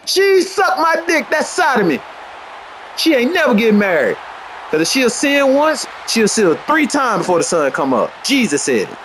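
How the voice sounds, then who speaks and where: A brash, boastful male gamer streams gameplay with profane, rambling trash talk, swinging between mutters and high outbursts. His high voice leaps around with a fairly bright tone, and there's slight background noise.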